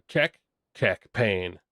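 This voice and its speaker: A man's voice: fairly low pitch, lively intonation, drawn-out words, pushed and bright, no room sound, studio quality. A young man chatting casually on a live stream, rambling and making crude jokes while reacting to chat. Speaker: livestreamer reading chat.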